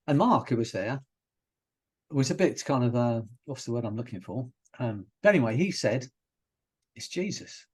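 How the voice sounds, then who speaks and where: A British hypnotherapist telling stories in a relaxed, rambling way, often restarting his sentences as a podcast guest. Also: mid-range voice, normal speed, breathy edge. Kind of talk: casual interview chat.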